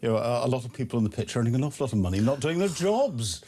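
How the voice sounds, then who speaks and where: A man's voice: mid-range voice, big pitch swings, very fast, warm tone, slightly rough. A man from Northern Ireland, a studio guest, chatting casually with a lot of stammered restarts and dry humour. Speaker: studio guest, former military intelligence officer. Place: radio studio.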